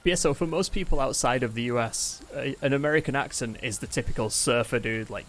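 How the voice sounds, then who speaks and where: A man's voice: mid-range voice, a little fast, fairly bright tone, slight background noise. A man with an accent between Manchester and Yorkshire, chatting casually to his live-stream audience from home and laughing often. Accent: mix of Manchester and Yorkshire. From England. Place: home, mid-move. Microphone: desk mic, camera on temporary tripod.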